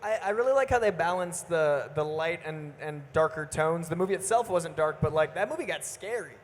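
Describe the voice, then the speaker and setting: Quick high-voiced guy running a con panel, cracks jokes, echoey hall w/ a bit of noise behind. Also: expressive. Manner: quick, joking asides. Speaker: panel moderator. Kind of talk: convention panel Q&A. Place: large indoor convention hall. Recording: echoey convention hall with faint crowd noise.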